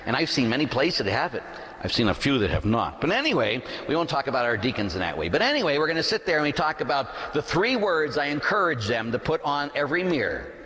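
A man's voice: mid-range voice, fast. A man preaching as the pastor of a church, talking casually and acting out the voices of people in his stories. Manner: animated preaching, acts out quoted voices. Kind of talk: sermon. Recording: long reverb of a church hall.

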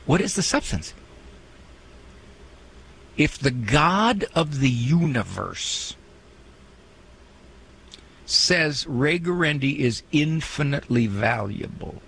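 A man hosting a radio talk show, speaking in a lively, folksy way with joking asides. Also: a little high, gravelly, a little hiss or hum, low-quality recording. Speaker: radio host and psychologist.

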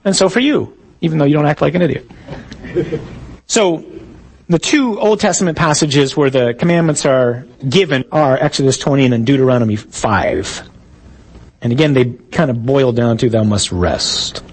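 A man's voice: on the high side, moderate pace, rough recording. A man, a priest, giving a conversational teaching talk to a live audience, with jokes and stories along the way. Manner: conversational, joking, tells stories.

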